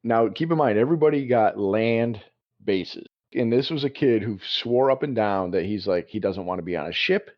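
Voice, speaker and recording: Man, low voice, casual podcast chat, storytelling, dull lo-fi sound. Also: moderate pace. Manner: storytelling, animated with laughs. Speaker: podcast co-host.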